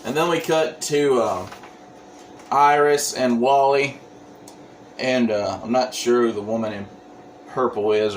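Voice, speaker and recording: A man's voice: mid-range voice, a little slow, long pauses, a little hiss or hum, rough recording. A man casually recapping a comic book plot, full of ums and restarts. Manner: rambling, many ums and restarts.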